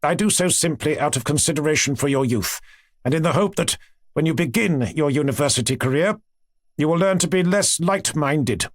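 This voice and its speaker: A man's voice: fairly high pitch, expressive, moderate pace, no echo, clean studio sound. A man voicing a stern, pompous male professor who scolds in a clipped, condescending way.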